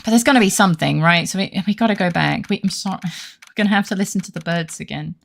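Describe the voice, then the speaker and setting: A woman's voice: lowish voice, fast talker, vocal fry. A woman streamer in a casual gaming livestream, rambling and self-deprecating, with mumbled asides.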